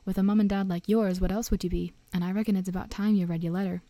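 A woman's voice: steady tone, fast talker, warm tone, no echo, lightly acted. Hagrid, as a woman puts him on, blustering giant. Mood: hearty. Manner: booming, blustering. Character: huge gruff male giant gamekeeper, hot-tempered.

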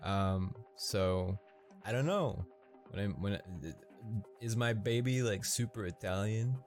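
A man from the Midwest with a Midwestern American accent, rambling casually as a podcast host, halting with many restarts and frequent laughs. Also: on the low side, faint music behind.

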